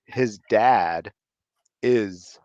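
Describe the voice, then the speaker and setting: A man's voice: on the low side, drawn-out words, darkish tone, no echo, highs cut off. A man guesting on a podcast, telling stories in an easygoing, meandering way and thinking aloud as he recalls things. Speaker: podcast guest, effects pedal maker. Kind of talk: casual interview chat.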